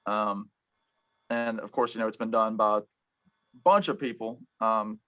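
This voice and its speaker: Halting man, dull lo-fi sound. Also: on the low side, steady tone, pushed and bright. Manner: halting, full of ums and restarts. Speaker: podcast host. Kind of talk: casual music chat.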